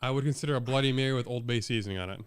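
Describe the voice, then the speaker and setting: A man's voice: medium pitch, racing, smooth. A man from the far south of Wisconsin and Illinois co-hosting a podcast, rambling and swearing casually. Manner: rambling, profane, with mock accents. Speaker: podcast co-host. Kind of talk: casual chat.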